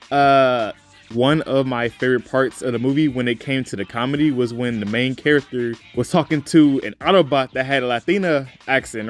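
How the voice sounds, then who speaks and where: A man in a casual movie review vlog, rambling along with plenty of slang, fillers and swearing. His voice sits in an ordinary middle register, and now and then he leaps up into excited, squeaky reenactments. Soft music plays faintly under his voice. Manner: jumps into excited high-pitched reenactments.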